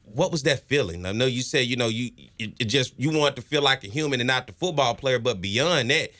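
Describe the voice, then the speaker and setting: A man's voice: mid-range voice, expressive, fairly quick, fairly bright tone. A man interviewing a guest, attentive and affirming as he listens and asks questions.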